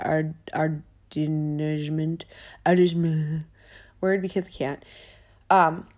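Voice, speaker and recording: A woman vlogging in a chatty, excitable way, full of fillers, recording in a rented apartment. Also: mid-range voice. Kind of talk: casual travel chat. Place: rented apartment in a big city.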